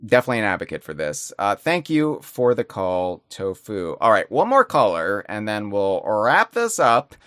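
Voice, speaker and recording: A man hosting a podcast, chatting casually and telling stories with excitable energy. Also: on the low side, moderate pace, hardly any pauses, clean tone, dry recording, studio quality. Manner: animated, excitable storytelling. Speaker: podcast host. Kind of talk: casual chat.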